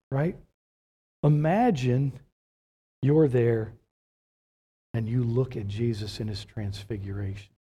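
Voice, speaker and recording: This man's voice is medium in pitch and slightly rough. Preaching a sermon as a pastor, he poses rhetorical questions and builds toward emphatic points, animated but slow and measured in delivery.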